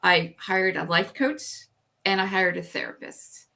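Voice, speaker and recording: A woman's voice: mid-range voice, unhurried, creaky, sharp tone. A middle-aged woman telling her own story as an interview guest. She talks candidly, says "like" and "you know" often, and acts out her past thoughts.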